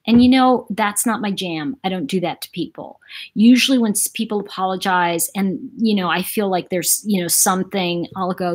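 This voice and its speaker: A woman from New York City hosting a casual livestream, talking in a chatty, animated way and reading out viewer comments. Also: medium pitch, moderate pace. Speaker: livestream host. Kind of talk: casual live-chat monologue.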